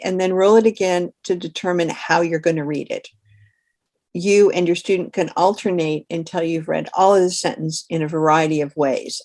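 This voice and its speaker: A woman with a fairly low voice explains reading games for volunteer tutors. She talks in a relaxed, practical way, with the occasional filler as she goes. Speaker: tutor trainer. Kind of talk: instructional presentation.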